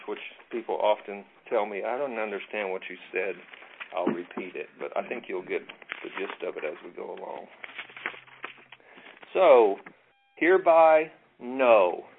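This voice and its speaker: A man leading a Bible study in a relaxed, self-deprecating way, reading scripture aloud and drawing out key words. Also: lowish voice, vocal fry, noisy background. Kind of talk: casual teaching with scripture reading. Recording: tinny phone-like audio.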